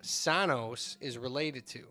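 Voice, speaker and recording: A man co-hosting a podcast in casual chat, an animated storyteller who slips into voices of people in his anecdotes. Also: medium pitch, slow pace, soft background music. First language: not given; says he is bilingual, trilingual. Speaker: podcast co-host.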